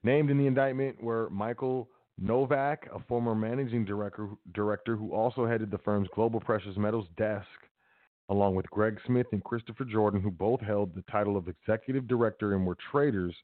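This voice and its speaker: A man's voice: on the low side, steady tone, a little fast, dry recording. A man hosting a casual talk show, reading news aloud and commenting with sarcasm and loose slang. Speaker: podcast host. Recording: tinny phone-like line.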